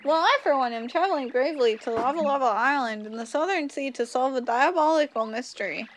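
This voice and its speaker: A woman's voice: high-pitched, a little fast, slight background noise, natural voice. A woman reading aloud the lines of a pompous male adventurer and archaeologist from a game, in grand, old-fashioned phrasing.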